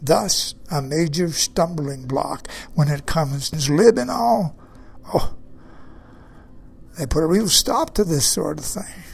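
A male preacher delivers a sermon at an unhurried pace, his voice carrying a gravelly grain. He leans hard on key phrases, repeating them, and keeps pressing his listeners with questions. Underneath it all is a husky edge. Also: a little high.

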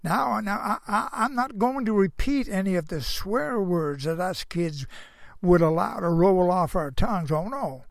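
Slow, gravelly older man, folksy and chuckling. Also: high-pitched, no echo, clean studio sound. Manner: chuckling, rambling, asks the listener rhetorical questions; Christian moralizing tone. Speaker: storyteller. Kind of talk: folksy moral monologue.

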